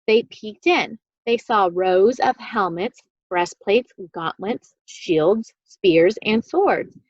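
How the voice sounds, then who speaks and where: A woman reading a children's book aloud with expressive, animated storytelling. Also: mid-range voice, slow pace, no room sound, highs cut off. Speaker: reader.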